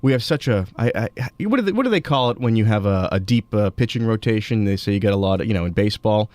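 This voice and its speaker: Male co-host with a cold, sarcastic rambler, quick pace. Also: on the low side, animated, a little mellow, no room sound. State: has a cold. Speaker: podcast co-host. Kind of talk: casual bantering chat.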